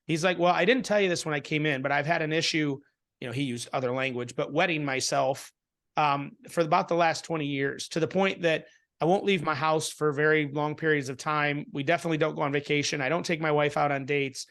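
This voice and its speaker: A man tells a personal story in a relaxed interview. He speaks with a fairly high voice, is animated, restarts a lot and acts out what people said. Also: a little fast. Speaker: interview guest. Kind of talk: casual storytelling in a conversation.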